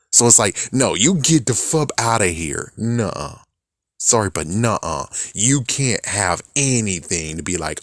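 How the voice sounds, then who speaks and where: A young man casually reviewing a TV episode, animated, swearing a lot and laughing often. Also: medium pitch, dry recording, studio quality. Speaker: show reviewer.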